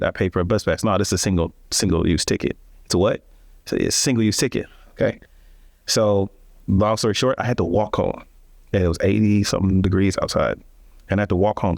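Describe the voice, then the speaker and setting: A man's voice: low-pitched, no room sound, studio quality. A man telling his life story as a guest in an interview, earnest and reflective, with frequent restarts and emphatic rises.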